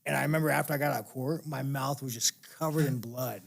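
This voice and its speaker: A man's voice: medium pitch, fairly even intonation, fast talker, gravelly, husky. A man as an interview guest, telling stories in a blunt, profane, casual way and laughing as he talks.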